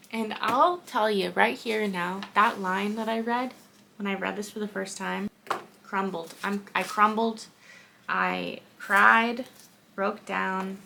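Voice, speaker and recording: A woman's voice: medium pitch, steady tone, slow pace, gravelly, sharp tone, a little hiss or hum. A young woman chatting about a book and reading from it in a home office, chatty and emotional, with lots of "like". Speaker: book vlogger. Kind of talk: casual chat and book reading.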